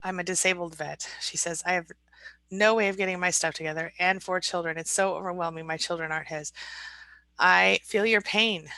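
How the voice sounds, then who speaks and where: A woman coaching viewers on a live stream, reading their comments aloud and chatting back in a warm, rambling way. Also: on the low side, steady tone, brisk, vocal fry, dry recording, rough recording.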